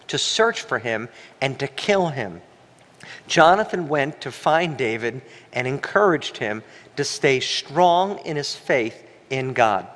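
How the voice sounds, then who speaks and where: A man pastor preaching a sermon, telling stories animatedly and breaking into a coughing fit now and then. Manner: animated storytelling, voice rising high when quoting himself. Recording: long hall reverb.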